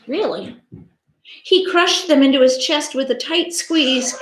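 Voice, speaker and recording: A woman reads a children's picture book aloud at an unhurried pace, her high voice swooping with expression. She gasps and invites her listeners to join in. The recording sounds echoey and roomy. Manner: animated, interactive, dramatic gasps. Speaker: teacher reading aloud. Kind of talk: children's story read-aloud. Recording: echoey room.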